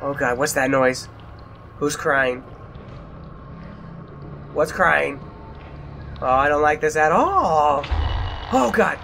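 A man's voice: a little high, animated, slow pace, vocal fry, long pauses, bright, forceful tone, slight background noise. A young man playing a horror game, jumpy and exclaiming, often mocking himself. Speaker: let's play gamer.

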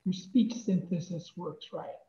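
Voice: medium pitch, measured pace. Chatty presenter in an echoey room. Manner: relaxed, chatty explaining. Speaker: club presenter. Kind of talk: casual tech demo. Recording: echoey, dull room mic.

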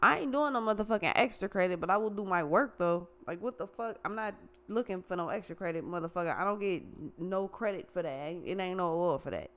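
A woman's voice: lowish voice, fairly quick. Blunt cussing woman doing a chill tarot reading, slangy. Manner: profane, blunt, slangy and animated. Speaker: tarot reader.

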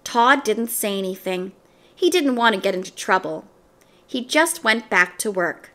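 A woman reading a children's storybook aloud in a gentle, expressive storytelling manner. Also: medium pitch, a little slow. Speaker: story reader.

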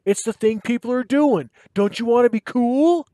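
A man's voice: very high voice, moderate pace, mellow, no room sound, voice pushed up. A man voicing a fad-crazed young male college student who wails and pleads impatiently.

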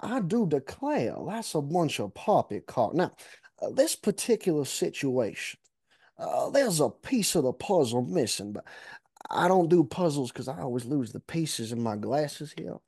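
A man putting on an exaggerated Southern drawl to play a grand, theatrical gentleman detective. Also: fairly high pitch, big pitch swings, unhurried, husky, dry recording, studio quality, voice pushed up, heavily acted. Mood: pompous. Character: over-the-top Southern gentleman detective, pompous.

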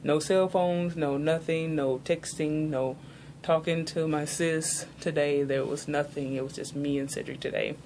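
A woman's voice: sits low, fairly even intonation, unhurried, a little mellow, a little hiss or hum. A young woman from the American South, chatting casually in a haul vlog, rambling and filling her talk with "like". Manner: rambling, chatty, many "like" fillers. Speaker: vlogger.

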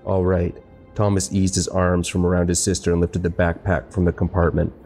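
Deep, flat-voiced male audiobook narrator. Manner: steady, measured reading. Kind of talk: scripted sci-fi audiobook narration. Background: faint music score.

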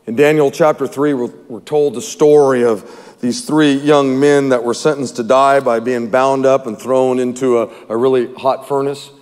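A man preaching a sermon as pastor, telling stories with lively, repetitive phrasing, recorded in a reverberant church hall. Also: mid-range voice, moderate pace. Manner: animated storytelling with repeated phrases.

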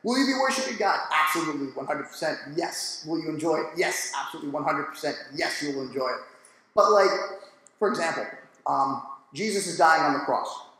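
A man on a church discussion panel, talking in a casual, animated, slangy and jokey way. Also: a little high, fairly quick. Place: church hall. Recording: echoey hall.

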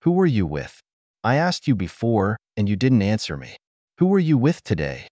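Brief: man reading as an icy, accusing husband, deep voice with lively swings in pitch. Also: moderate pace, no room sound, clean studio sound. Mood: furious. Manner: cold, accusing. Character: angry betrayed husband confronting wife.

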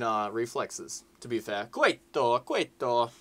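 A young man giving casual, excitable, sweary commentary over a football management game. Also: mid-range voice, a little slow, few pauses. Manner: excitable, sweary, shouts at the screen. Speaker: gaming YouTuber.

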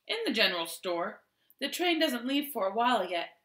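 A woman's voice: fairly high pitch, very animated, moderate pace, fairly bright tone, roomy sound. A woman voicing a rude, cocky boy of about eight in a storybook reading.

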